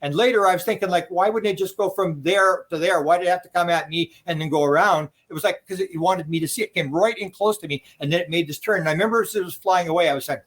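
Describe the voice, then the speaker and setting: Fast-talking excitable older man storyteller. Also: high-pitched. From Canada. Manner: excitable, acts out quoted exclamations, frequent restarts and laughs. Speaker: UFO researcher telling stories. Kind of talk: animated storytelling interview.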